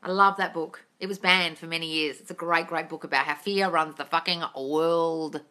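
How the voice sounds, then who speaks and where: A manifestation coach with a non-native English accent speaks in a deep, pushed, bright voice at normal speed, with fairly even intonation. Streaming from a large open room on her phone, she reads comments aloud in a casual Q&A, blunt, sweary and calling viewers darling, a little congested from a cold and with a runny nose.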